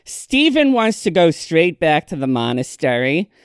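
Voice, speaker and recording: A man on a podcast walks through a story recap at an unhurried pace. His voice is clean and smooth, recorded close and dry with no room sound, and he drops in wry asides. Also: fairly high pitch, big pitch swings, no echo. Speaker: podcast host recapping episodes. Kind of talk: casual recap narration.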